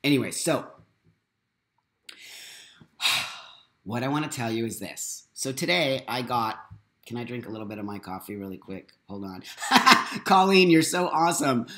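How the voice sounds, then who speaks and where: A boisterous middle-aged man talking straight into the camera from home, swearing freely and hammering each point home with repetition. His voice sits at an ordinary pitch and carries a roomy echo. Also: animated, moderate pace, long pauses, a bit bright. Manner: blunt, profane and emphatic, repeats lines for force. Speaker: host of a live morning talk stream. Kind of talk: unscripted live monologue.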